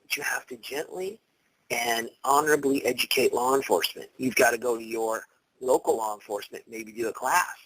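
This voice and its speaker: A man talking casually as a guest, telling stories with lively swings and acting out the people he quotes. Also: mid-range voice, fairly quick, breathy edge, poor audio. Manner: animated storytelling, acts out quoted people. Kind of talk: casual talk show chat.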